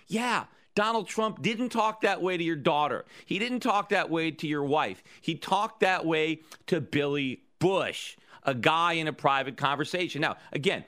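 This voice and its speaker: A man's voice: fairly high pitch, moderate pace, few pauses, a bit bright. A man hosting his own podcast, delivering an argumentative opinion monologue full of rhetorical questions. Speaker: podcast host.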